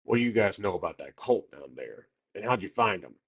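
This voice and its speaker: A man's voice: low-pitched, very animated, brisk, gravelly, fairly bright tone, slightly rough, highs cut off, voice pushed down, full character voice. A man voicing a suspicious, blunt male guard captain with a Southern accent, talking in a drawling, menacing way. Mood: probing. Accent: American Southern.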